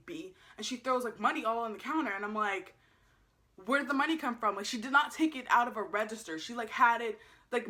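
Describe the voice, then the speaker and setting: A young woman recounts a story in a casual vlog and slips into the voices of the people in it. Her voice sits fairly high and sounds bright and clear. She talks with lots of energy and swears freely. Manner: animated, acts out quotes, swears freely. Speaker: vlogger.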